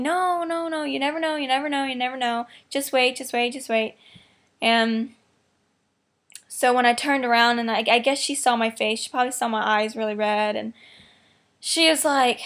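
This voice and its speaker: A woman's voice: on the high side, fairly bright tone. A woman telling a personal video diary in a rambling, heartfelt way, tearful and emotional, with many fillers like "you know" and "like". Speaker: vlogger.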